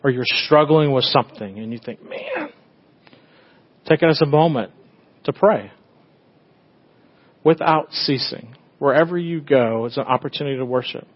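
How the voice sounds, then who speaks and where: Conversational pastor preaching, slightly dull sound. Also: male voice, medium pitch, moderate pace. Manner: conversational and storytelling, swinging from loud bursts to hushed tenderness. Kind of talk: sermon.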